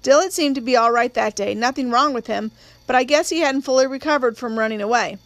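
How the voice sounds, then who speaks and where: High-voiced woman reading a novel aloud. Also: fairly bright tone, dry recording. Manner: measured, storytelling. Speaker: audiobook narrator. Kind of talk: scripted audiobook narration.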